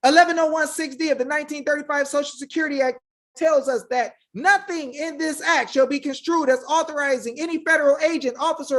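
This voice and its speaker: A woman with a high-pitched voice delivers a fiery, preachy monologue straight to her viewers. She piles up rhetorical questions and keeps calling them y'all. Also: fairly bright tone. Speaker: online legal rights commentator.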